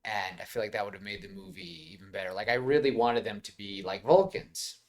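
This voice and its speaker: A man's voice: fairly low pitch, a little fast. Rambling man in casual podcast chat. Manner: rambling, animated, laughs often. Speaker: podcast co-host.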